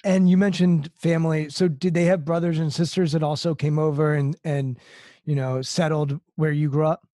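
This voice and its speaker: A man's voice: a little high, little pitch movement, moderate pace, dark tone, dry recording, clean studio sound. A man hosting an interview, asking curious follow-up questions. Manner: curious, follows up on the guest's answers.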